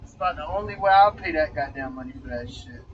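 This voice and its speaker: A man with a high voice rants in exasperation, cursing freely and breaking into laughter. He sounds set back from the mic on a dull, lo-fi recording, with faint road noise behind him. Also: animated, fast, distant mic. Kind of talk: casual profane rant.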